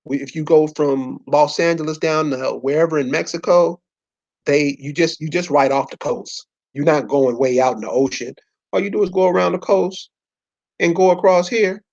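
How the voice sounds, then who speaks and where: A man's voice: a little high, normal speed, creaky, darkish tone, highs cut off. A man giving an informal lecture from a map, speaking in loose slangy speech and firing rhetorical questions straight at his listeners.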